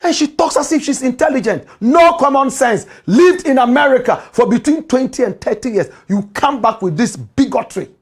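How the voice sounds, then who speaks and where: A man's voice: extremely high pitch, expressive, moderate pace, hardly any pauses, husky. A man with a Ghanaian accent hosting a commentary show, delivering a heated rant full of rhetorical questions. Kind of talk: impassioned political commentary.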